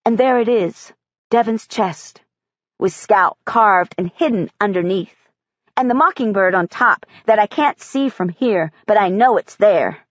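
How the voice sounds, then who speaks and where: Lady reading a story audiobook, quiet measured voice, muffled dry sound. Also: medium pitch, no echo. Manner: measured, quiet child's-eye telling. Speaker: audiobook narrator. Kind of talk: first-person audiobook narration.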